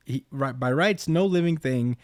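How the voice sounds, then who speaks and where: A man's voice: medium pitch, normal speed, no room sound, clean studio sound. A young man co-hosting a podcast, casually recapping a story with lots of fillers. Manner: loose, filler-heavy storytelling. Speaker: podcast co-host. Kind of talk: casual chat, recapping a comic chapter.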